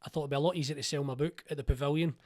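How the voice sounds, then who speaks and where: Glaswegian male, 40s, rapid and keen, rambling interview guest. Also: on the high side, steady tone, a little mellow. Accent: Glaswegian Scottish. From Scotland. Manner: fast, eager, rambling with restarts. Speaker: playwright and producer, interview guest. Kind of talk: casual interview chat.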